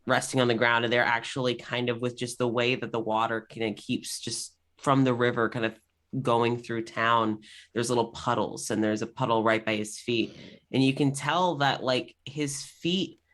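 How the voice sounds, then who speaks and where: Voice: medium pitch, steady tone, normal speed, a bit bright. A game master narrating a tabletop game scene in a loose, rambling way with many fillers. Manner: rambling, filler-heavy description.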